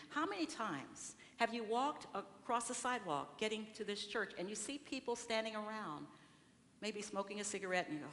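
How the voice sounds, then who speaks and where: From the pulpit of a large church, a woman with an animated, medium-pitched, fairly bright voice preaches at normal speed. She speaks conversationally, posing rhetorical questions to the congregation and acting out what people say, while a long echo and faint room noise surround her.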